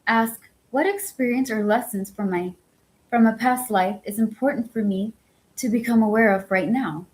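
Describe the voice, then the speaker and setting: Squeaky-voiced woman reading aloud. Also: normal speed, poor audio. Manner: swears freely and chats between passages. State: voice worn from talking all day. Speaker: book-reading channel host. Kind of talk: reading a book aloud with casual commentary.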